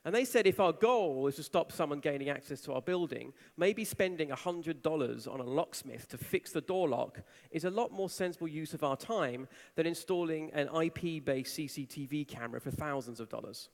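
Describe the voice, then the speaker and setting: Man, conference talk, animated storytelling, slightly high voice, echoing hall. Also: moderate pace, vocal fry, few pauses. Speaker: conference speaker. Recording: reverberant hall.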